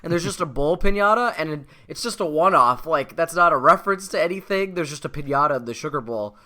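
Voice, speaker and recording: A man's voice: on the high side, lively intonation, fast, bright, forceful tone. A man co-hosting a podcast, rambling in casual chat with many fillers and laughing while retelling scenes. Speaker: podcast co-host.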